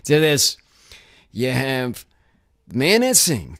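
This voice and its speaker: A man's voice: medium pitch, wildly swooping pitch, extremely slow, a bit bright, no echo, studio quality. A man hosting a casual livestream podcast, rambling and repeating himself. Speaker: podcast host. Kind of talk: casual chat.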